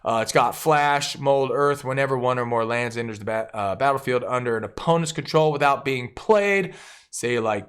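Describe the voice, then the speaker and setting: Male host, card deck review, very animated pitch, energetic and jokey, rattles off card text fast. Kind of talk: enthusiastic casual deck review.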